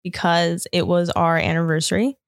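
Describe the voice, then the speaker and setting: A woman's voice: lowish voice, little pitch movement, normal speed, vocal fry, dry recording, studio quality. A woman co-hosting a podcast in casual chat, nervous and apologetic, often giggling. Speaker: podcast co-host.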